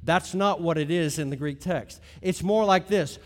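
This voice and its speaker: A middle-aged man preaching a teaching sermon, stressing key words loudly and dropping into quiet asides. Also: on the high side, moderate pace, big-room sound. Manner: emphatic, swings between loud stresses and quiet asides. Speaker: pastor.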